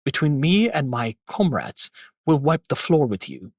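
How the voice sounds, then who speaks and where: A man voicing a sneering male villain who talks down to a hero, taunting him in a lowered voice. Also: very animated, measured pace, creaky, no echo, studio quality, full character voice. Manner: condescending, taunting.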